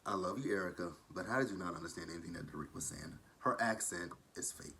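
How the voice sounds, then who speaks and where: A man's voice: low voice, fast, vocal fry, pushed and bright. A man from Texas with a southern drawl, gossiping casually as he recaps a reality show. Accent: Texan. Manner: chatty, gossipy, shady asides.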